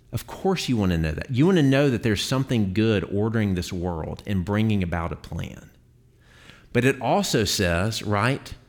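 A low-voiced man leads a Bible class in a classroom. His talk is chatty and relaxed, full of filler words and quick restarts as he explains to the group. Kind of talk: conversational Bible teaching.

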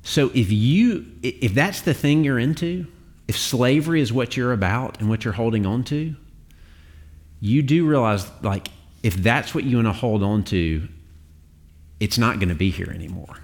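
A man preaching a sermon in a conversational way, with fillers and the odd laugh. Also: medium pitch. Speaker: pastor.

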